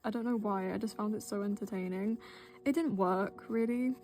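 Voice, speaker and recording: A woman's voice: mid-range voice, normal speed. A young British woman with an accent that slips toward American, chatting in a rambling, self-deprecating way, full of fillers, as she narrates her drawing late at night. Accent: British with an American drift. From Britain. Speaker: art vlogger. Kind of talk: casual chatty voice-over while drawing. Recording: soft music bed behind.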